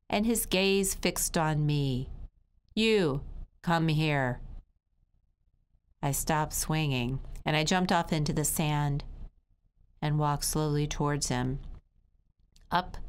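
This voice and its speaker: A woman voicing a signed story as an interpreter, in slow, emotive first-person storytelling with dramatic pauses. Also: deep voice, clean tone. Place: conference hall.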